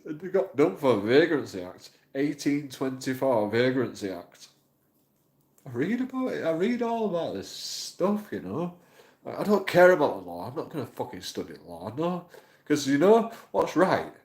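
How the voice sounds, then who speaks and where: A man's voice: mid-range voice, big pitch swings, moderate pace, darkish tone. A man talks in a rambling, emotional monologue for his channel, swearing and repeating himself. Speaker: YouTube auditor vlogger. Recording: roomy echo.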